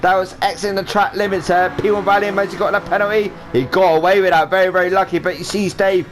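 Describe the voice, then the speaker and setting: A fast-talking man with a high, steady voice provides live commentary on a sim race he's competing in. It's rambling and jokey, full of silly voices for the drivers, with game sound humming faintly underneath.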